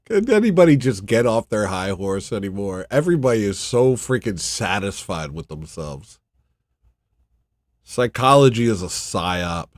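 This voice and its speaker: Sarcastic livestreamer man, lively pitch. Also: moderate pace, no room sound, studio quality. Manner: sarcastic, mocking. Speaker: livestream host. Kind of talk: casual livestream commentary.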